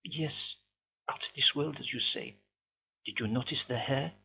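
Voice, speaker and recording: A man playing a slender young stranger with a vague foreign accent, soft and mysterious, in a dull lo-fi home recording. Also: mid-range voice, unhurried, vocal fry, a little hiss or hum, heavily acted. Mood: quiet.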